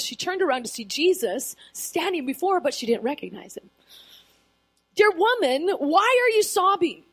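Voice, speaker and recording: High-pitched female preacher; lively, casual sermon delivery in a church. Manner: animated storytelling, conversational asides. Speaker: pastor.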